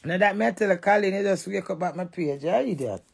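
Gravelly Jamaican woman ranting. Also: lowish voice, a little fast. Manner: loud, cussing, defiant rant. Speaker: vlogger. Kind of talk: ranting monologue to camera.

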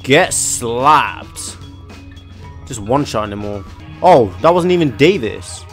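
A young man giving excitable, slangy commentary on a video game, often yelping and laughing. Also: medium pitch, slow pace, soft background music. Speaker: gaming YouTuber. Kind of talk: gaming commentary.

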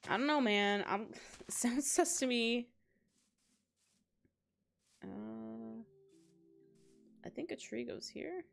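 A woman's voice: on the high side, takes it slowly, vocal fry, long pauses, soft background music. A woman of twenty-five hosting a casual gaming livestream, chatty and giggly as she talks straight to her chat on a close mic. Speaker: livestream host.

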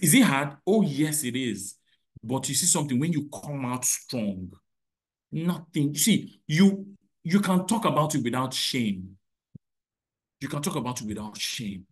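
Emphatic husky man giving a parenting talk. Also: mid-range voice. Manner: emphatic, repeats phrases, swings between loud and soft. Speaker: parenting speaker. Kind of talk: motivational talk on a video call. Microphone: video call.

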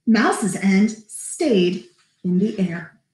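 A librarian reading a picture book aloud to children with lively character voices, stopping to chat with her listeners. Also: mid-range voice. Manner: animated, does character voices, pauses to talk to kids. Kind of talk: storybook read-aloud. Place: library room. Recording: echoey room.

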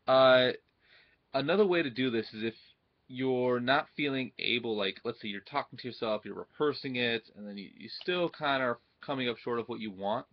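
A man's voice: mid-range voice, dull audio. A young man giving social confidence advice to his computer camera in a casual monologue, checking in with "right?" all the time. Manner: repeats "right?" often, acts out quoted greetings. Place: at home in front of his computer. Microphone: computer webcam mic.

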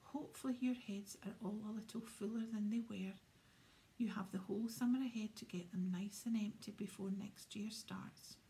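A woman's voice: medium pitch, steady tone, moderate pace, warm tone, natural voice. A woman doing a cheerful old wizard headmaster. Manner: genial, rambling speech. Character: elderly cheerful male headmaster wizard, whimsical.

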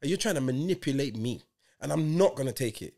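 A man in his forties co-hosting a podcast, telling stories in animated, insistent casual banter. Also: mid-range voice, fast talker, creaky, a crowd in the background. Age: 40s. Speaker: podcast co-host.

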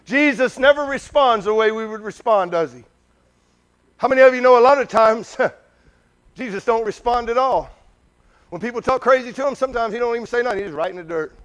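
A man preaching a sermon, talking conversationally to his congregation with many questions, moving between loud urgent bursts and quiet asides. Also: very high-pitched, brisk.

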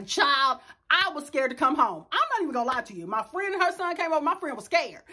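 A woman's voice: high-pitched, moderate pace. A middle-aged woman, telling a dramatic story in casual chat to her viewers. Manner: animated, dramatic storyteller addressing viewers as y'all. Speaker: vlogger.

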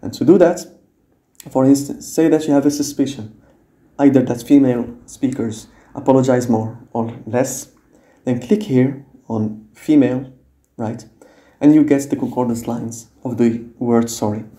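A man with a very dark, mellow tone walks the viewer through a tutorial. He explains patiently and keeps checking that the listener is following. English is not his first language, and his voice sits in a roomy, echoey space. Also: medium pitch, steady tone, normal speed. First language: non-native English speaker. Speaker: teacher. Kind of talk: screen-recorded tutorial.

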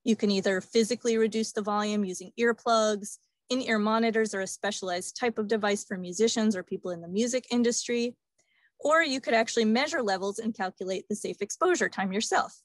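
A woman audiologist giving a steady, informative webinar presentation. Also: mid-range voice, fairly quick, no room sound.

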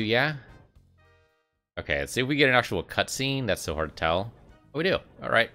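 A man's voice: medium pitch, sing-song, brisk, long pauses, sharp tone, soft background music. A man casually commentating his gameplay, musing aloud and chatting about what to do next. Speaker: let's play host.

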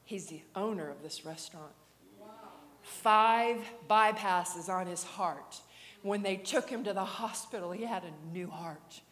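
A woman preaching a sermon, telling her story with animated swings from whispers to loud, fervent prayer. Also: medium pitch, a little slow, a little hiss or hum. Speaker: guest preacher. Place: church sanctuary. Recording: long church hall reverb.

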